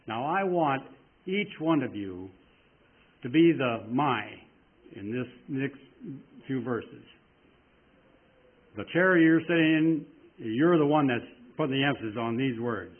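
Folksy preacher on a tinny line. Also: male voice, medium pitch, animated. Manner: folksy and rambling, reading scripture slowly with emphasis. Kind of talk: sermon. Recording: tinny phone-like sound.

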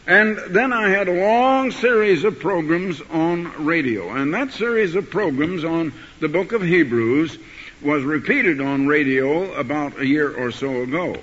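A man preaching a sermon, telling a story and reading scripture, building to forceful emphasis on key words. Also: on the high side, animated, a little slow. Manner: rising to forceful emphasis when quoting scripture. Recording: dull archival recording in a hall.

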